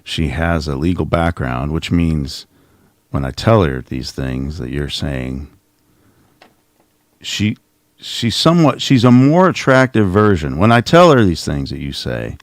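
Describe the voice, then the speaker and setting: A man with a very low, gravelly voice hosts a casual commentary on clips. He mocks and teases, and his pitch swings widely as he talks. The sound is dry and close. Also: very animated, measured pace, dry recording. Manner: mocking, sarcastic, thinks aloud with restarts. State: coughing. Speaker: host reacting to clips.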